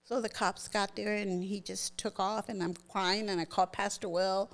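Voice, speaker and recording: A woman's voice: mid-range voice, steady tone, normal speed. A middle-aged woman, a podcast guest, recounting a personal story vividly and emotionally. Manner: vivid, emotional retelling that acts out others' words.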